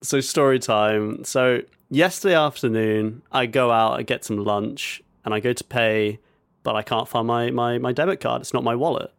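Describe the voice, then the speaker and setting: A man's voice: mid-range voice, normal speed, gravelly, clear, resonant tone, dry recording. A man co-hosting a podcast, telling a story in an exasperated way and stumbling over repeated words. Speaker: podcast co-host.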